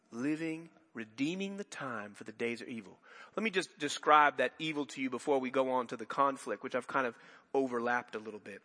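Male pastor, conversational sermon full of asides and restarts, lifted pitch, echoing church. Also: pushed and bright, breathy edge. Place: church sanctuary.

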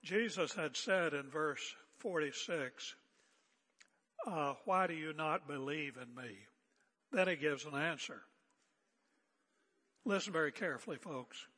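Older guy preaching, bright husky voice, chatty and emphatic, big echoey church hall. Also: a little high, measured pace, pauses often. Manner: conversational, emphatic, joking asides. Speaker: pastor. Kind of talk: expository sermon.

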